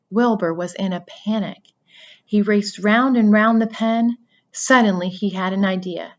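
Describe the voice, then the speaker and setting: Woman, reading a children's novel aloud, steady narration, middling pitch, dull lo-fi sound. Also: measured pace. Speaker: reader.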